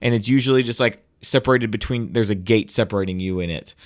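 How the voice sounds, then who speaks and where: A man's voice: lowish voice, dry recording, clean studio sound. Enthusiastic man explaining in casual chat. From Nashville, USA. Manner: enthusiastic explainer, quick restarts. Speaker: podcast co-host.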